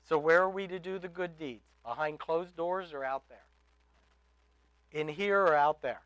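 A male preacher delivers a sermon in a high, clear, smooth voice. He speaks emphatically, swelling to loud calls and falling back to soft asides. The sound is close and dry. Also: a little slow, no room sound, low-quality recording. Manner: emphatic, rising to loud exhortations. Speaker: pastor.

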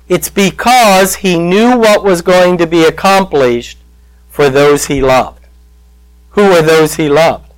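A man preaching a sermon in a church, slow and emotional, with dramatic pauses and soft drops in his voice. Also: on the high side, clean tone, no room sound, low-quality recording.

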